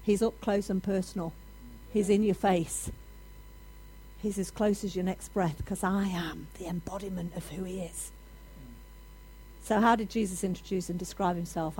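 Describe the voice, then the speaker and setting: A woman preaching a sermon to a congregation, animated and building to loud, emphatic declarations. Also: mid-range voice, moderate pace, a little hiss or hum, rough recording.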